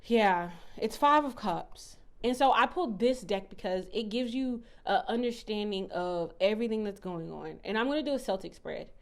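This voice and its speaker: A woman's voice: mid-range voice, lively intonation, normal speed, few pauses. A woman talking casually as a tarot reader in a vlog, blunt and defiant and swearing freely, recorded on a phone mic.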